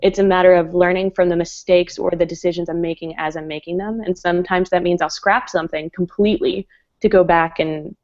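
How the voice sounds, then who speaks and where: Woman, lowish voice, chatty, laughs a lot, dull lo-fi call audio. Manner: chatty, laughs often, many fillers. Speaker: guest designer. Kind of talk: casual interview chat.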